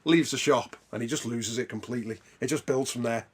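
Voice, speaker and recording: Speaking fairly quickly, with a breathy edge to his mid-range voice, a man co-hosts a laid-back podcast. He swears a lot while animatedly recounting movie scenes, complete with loud put-on voices.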